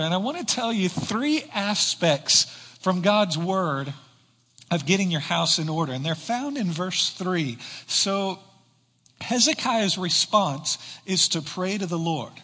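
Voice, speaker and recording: A man, a pastor, preaching a sermon with rhetorical questions and slowed-down emphasis on key words. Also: high voice, pushed and bright, slightly rough. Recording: reverberant hall.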